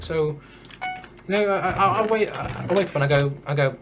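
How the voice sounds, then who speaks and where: A man's voice: a little high, fairly quick, over music. A teenage boy, telling a story in a rambling, casual way while streaming a game. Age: teens. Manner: rambling, many restarts and fillers. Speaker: gaming streamer.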